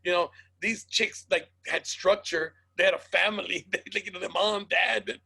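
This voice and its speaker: A man's voice: sits high, steady tone, gravelly, sharp tone, slightly rough. A man co-hosting a comedy podcast, firing off casual questions and swearing freely. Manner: quick, curse-heavy questioning. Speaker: podcast co-host.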